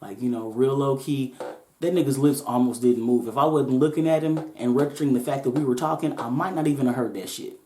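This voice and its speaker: With an extremely low, dark voice and a fairly quick pace, the podcast host relaxes into a profane story full of jokey asides. The recording carries a roomy echo.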